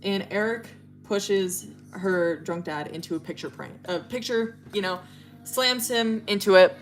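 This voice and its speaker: A woman's voice: medium pitch, a little slow, faint music behind. Rambling, casual woman streamer. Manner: rambling, full of fillers and profanity. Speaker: livestreamer. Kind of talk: casual storytelling.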